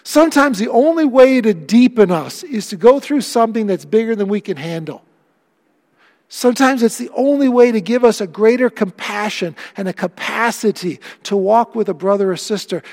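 A middle-aged man preaching a sermon as pastor, swinging between loud emphatic lines and hushed, quiet ones. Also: high-pitched, expressive, normal speed, big-room sound.

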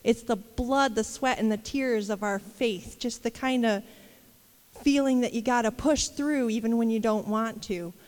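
Woman minister, high voice, candid filler-heavy devotional talk, long reverb. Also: a little slow, a little mellow. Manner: candid, rambling, with many fillers and laughs.

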